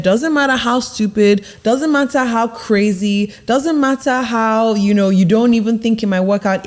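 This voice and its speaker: A young woman speaking to camera as a confidence coach, emphatic and deliberate, dropping her voice low to land each point. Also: a little mellow. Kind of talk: motivational advice to camera.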